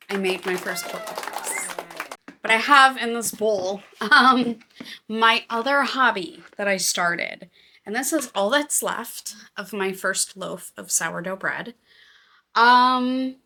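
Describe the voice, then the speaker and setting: Bright-voiced chatty woman podcaster. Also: a little high, slow. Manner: chatty and excitable, self-deprecating. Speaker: podcast host. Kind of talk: casual chat.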